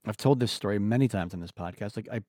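A man's voice: fairly low pitch, fast, dry recording, studio quality. A man hosting a podcast, telling stories in casual conversation and acting out the people he quotes. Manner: animated storyteller who acts out quoted voices. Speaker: podcast host.

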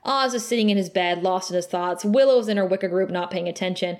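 A woman co-hosting a casual recap podcast, animated and laughing often as she retells scenes. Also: on the low side, fast. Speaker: podcast co-host.

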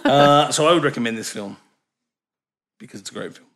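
Fast-talking opinionated man. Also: mid-range voice, animated, fairly bright tone. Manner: ranting, opinionated, quick. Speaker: podcast co-host. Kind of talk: casual film chat.

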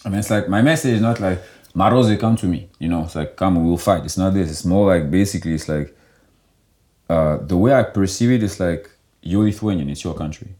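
A young man talking casually in an interview, loose and animated, and he fills his speech with "like.". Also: deep voice, fairly quick. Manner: loose and animated, heavy filler "like". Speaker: guest.

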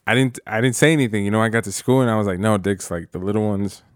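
A man's voice: on the low side, fast talker, no room sound, studio quality. A young man telling loose, profane stories with slang and laughter in casual chat. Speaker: storyteller in a casual podcast chat.

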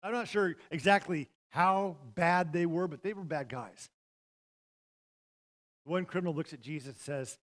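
A middle-aged man preaching a sermon, telling stories and swinging from loud, shouted passages to hushed, quiet lines. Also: high-pitched, expressive, normal speed. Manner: storytelling, swings from loud shouting to near-whispers. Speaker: pastor.

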